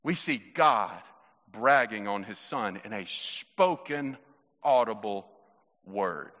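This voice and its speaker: Male pastor, bright tone, chatty sermon delivery, muffled recording from a hall with a long echo. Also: mid-range voice. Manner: conversational, storytelling, addresses congregation directly.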